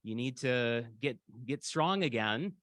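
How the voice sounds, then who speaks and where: A sly, flattering fox from a spoken fable, voiced by a man, coaxing and full of himself. His voice sits mid-range, a little raised, with dry, close sound and no room echo. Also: medium pitch, slow pace. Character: clever flattering male fox, sly sycophant.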